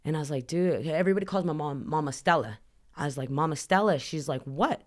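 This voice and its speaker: Speaking fast in a deep, slightly mellow voice, this Southern California podcast guest recounts a personal story. Her retelling is rambling, earnest, and emotional, packed with "like" fillers.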